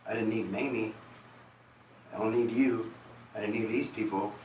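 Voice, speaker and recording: A man's voice: on the low side, steady tone, normal speed, pauses often, a little mellow, a little hiss or hum. A man, a singer, telling a candid and confessional story on a concert stage, recorded in an echoey venue from a distant mic.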